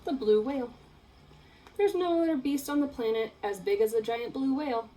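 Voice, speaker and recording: A young woman teacher reading a picture book aloud to children, in an expressive, playful storytelling way. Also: high-pitched, normal speed, a little hiss or hum, low-quality recording.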